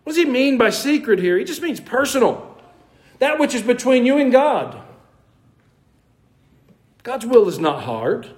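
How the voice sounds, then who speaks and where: Very high-pitched and very animated, this pastor's voice moves at a measured pace with long pauses, heard on a low-quality recording. Standing in a church sanctuary, he gives a conversational sermon, quizzing the congregation and performing mock voices with wry remarks on the side.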